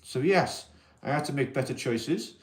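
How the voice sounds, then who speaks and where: A man hosts a casual livestream about mental health, rambling as he reads and answers viewers' comments. He addresses them as an alien persona speaking to humans, in an unplaced accent viewers ask about. His medium-pitched voice is animated at normal speed.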